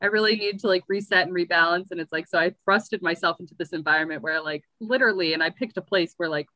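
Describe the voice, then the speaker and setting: A woman's voice: on the low side, quick pace, bright, forceful tone, no echo, rough recording. A woman from the United States in a casual interview, talking in a rambling, chatty way with lots of "like". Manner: chatty, rambling, heavy use of "like". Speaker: guest.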